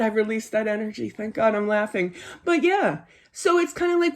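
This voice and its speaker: A woman's voice: on the high side, normal speed, hardly any pauses. A middle-aged woman giving a casual tarot reading in a chatty, earnest way, laughing easily and often saying "you know.". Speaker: tarot card reader.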